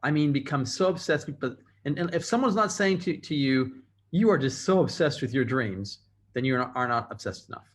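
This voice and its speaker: A man's voice: medium pitch, animated, fairly quick. A man giving a motivational training talk over a video call, emphatic and repeating phrases for effect. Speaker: motivational speaker.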